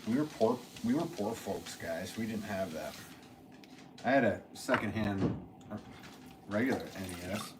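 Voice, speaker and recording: Middle-aged man, potter hosting a casual livestream; low, relaxed, rambling delivery over a noisy studio background. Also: unhurried, pauses often. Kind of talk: casual live-stream chat reading comments.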